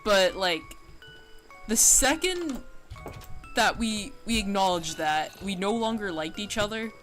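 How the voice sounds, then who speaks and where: A woman streams a game and chats casually, rambling with lots of fillers and now and then yelping at what happens on screen, while game music plays behind her. She worries her voice sounds nasal; it's mid-range, expressive, fairly bright, and unhurried.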